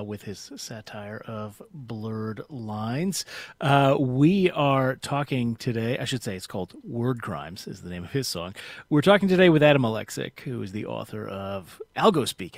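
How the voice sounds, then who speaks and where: Lively, dry-sounding radio host man. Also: lowish voice, dry recording. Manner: lively broadcaster delivery. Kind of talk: radio interview.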